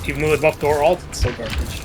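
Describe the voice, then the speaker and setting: A man's voice: fairly high pitch, quick pace, noisy background. A young man in casual gaming chat as a teammate, grumbling and trash-talking about the match. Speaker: teammate in a team shooter.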